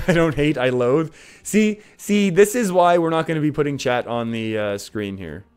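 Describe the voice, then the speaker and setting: A man's voice: on the high side, animated, moderate pace, darkish tone, clean tone. A young Canadian man with an English Canadian accent, casually commentating a card game and reading viewer comments, laughing often. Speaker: streamer.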